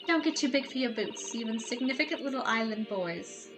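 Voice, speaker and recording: Lady putting on a snooty english accent for a smug posh woman in a game, kinda high, game music behind. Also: expressive, fairly quick, natural voice, poor audio. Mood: scornful. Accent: put-on English. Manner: condescending, sneering, prim. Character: haughty upper-class Englishwoman, scornful scientist. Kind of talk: reading game dialogue aloud.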